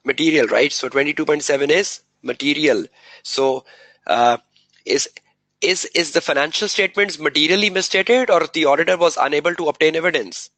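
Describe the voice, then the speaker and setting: A man's voice: fairly high pitch, a little fast, fairly bright tone, no room sound, rough recording. A man giving a live exam revision lecture, quizzing students with rhetorical questions and repeating key words for emphasis.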